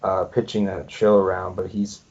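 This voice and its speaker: A man's voice: low voice, little pitch movement, normal speed, darkish tone. A man co-hosting a podcast, chatting in a laid-back way with dry jokes. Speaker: podcast co-host. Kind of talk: casual podcast chat. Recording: dull, muffled sound.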